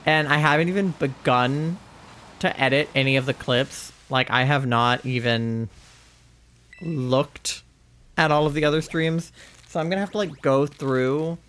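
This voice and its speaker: A man's voice: fairly high pitch, measured pace, a bit bright, a little hiss or hum. A young man livestreaming a game, chatting casually into a headset mic with a rambling, filler-heavy manner. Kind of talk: casual chat while gaming.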